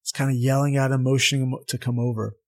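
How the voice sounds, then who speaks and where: A man in his forties, a former professional footballer, telling animated anecdotes in a casual interview with many fillers and repeated words. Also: mid-range voice, fast talker. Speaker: former pro footballer, guest.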